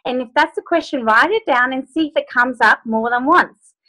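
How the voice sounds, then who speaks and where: A woman's voice: high-pitched, moderate pace, bright, forceful tone, rough recording. A woman life coach leading a group video call from her phone, giving upbeat, playful instructions.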